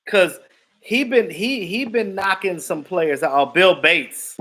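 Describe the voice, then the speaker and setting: Animated high-voiced man chatting live. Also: slow, a little hiss or hum, low-quality recording. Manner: animated, laughs often, acts out quotes. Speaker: live stream host. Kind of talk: casual chat reacting to viewers.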